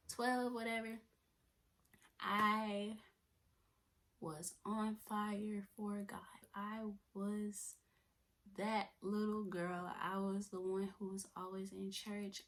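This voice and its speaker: A young woman, telling her own story to the camera. She talks in a soft, often near-whispered voice at a mid pitch. She is chatty and repeats and restarts her phrases. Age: 20s. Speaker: vlogger. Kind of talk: personal testimony vlog.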